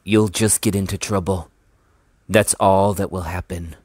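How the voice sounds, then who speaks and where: A man's voice: low-pitched, steady tone, a little slow, darkish tone, dry recording, studio quality. A man reading aloud, voicing a cautious, reluctant young village boy. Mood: wary. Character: wary young village boy, the hero's friend.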